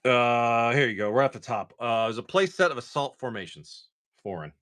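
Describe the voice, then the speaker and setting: Hosting a relaxed livestream, a man opens trading cards and wanders through stories, leaning heavily on "like." He speaks at a normal speed with a medium pitch and a fairly bright tone.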